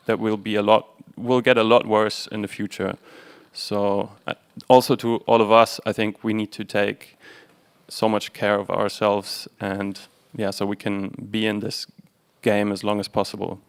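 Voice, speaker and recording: A young man from Germany speaks earnestly and steadily at a panel. His voice is lowish and flat in pitch, clear and smooth. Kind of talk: panel discussion remarks.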